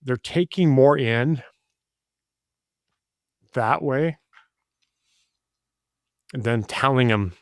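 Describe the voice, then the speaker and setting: A man's voice: medium pitch, extremely slow, long pauses, no echo, studio quality. A middle-aged father talking as a guest, rambling earnestly with many restarts. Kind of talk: casual conversation.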